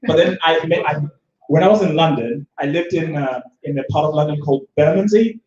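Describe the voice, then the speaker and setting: A man's voice: on the high side, a little fast, a little mellow. A man from South Africa doing a rambling, self-deprecating stand-up set at an open mic, with lots of restarts. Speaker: stand-up comedian. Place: open-mic stage in a bar room. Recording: echoey room, dull lo-fi sound.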